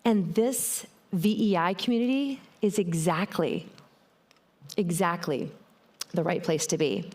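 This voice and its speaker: A woman's voice: lowish voice, a little slow. A middle-aged woman giving a motivational keynote talk on a conference stage, telling stories and speaking straight to the audience. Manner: animated, storytelling, addresses the audience directly.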